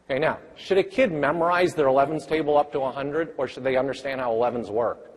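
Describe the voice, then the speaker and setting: Man quizzing a crowd in a reverberant hall. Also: mid-range voice. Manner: energetic, rapid-fire quizzing of the audience. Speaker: math education presenter. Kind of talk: interactive conference workshop talk. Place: large conference hall.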